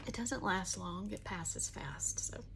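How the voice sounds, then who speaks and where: A woman's voice: medium pitch, slow pace, vocal fry, background noise. A woman, chatting casually in a folksy, rambling way while doing her makeup at home. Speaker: vlogger.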